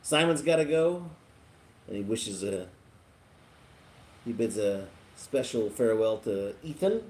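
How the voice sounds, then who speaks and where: A man's voice: lowish voice, animated, measured pace, darkish tone, slight background noise. A man hosting a casual live stream, chatting and laughing as he reads viewer comments aloud. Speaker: livestream host.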